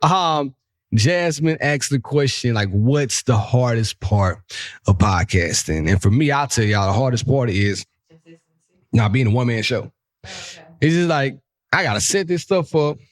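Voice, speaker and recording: A man's voice: mid-range voice, measured pace, no room sound, studio quality. A man hosting a casual podcast chat, telling stories in a slangy, profane way and slipping into voices. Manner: animated storyteller, slangy and profane, jumps into voices. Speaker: podcast host.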